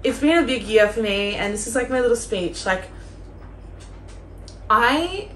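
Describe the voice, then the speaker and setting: A woman's voice: mid-range voice, a bit bright. A young woman chatting casually in a vlog as a book vlogger, gushing and peppering her talk with "like". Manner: gushing, chatty, heavy use of "like". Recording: roomy echo with faint room noise.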